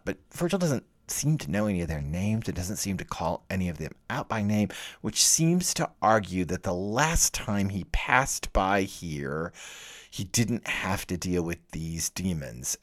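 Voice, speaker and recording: A man giving a relaxed, chatty literature lecture. His voice sits a little low, and he slips into animated readings of quoted lines. He keeps an easy conversational flow. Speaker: lecturer on Dante.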